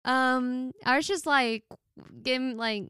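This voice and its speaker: A young woman co-hosting a podcast, chatting casually and rambling with lots of fillers and quick laughs. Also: high-pitched, pushed and bright, smooth, no echo, studio quality. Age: young adult. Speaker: podcast co-host. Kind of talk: casual chat.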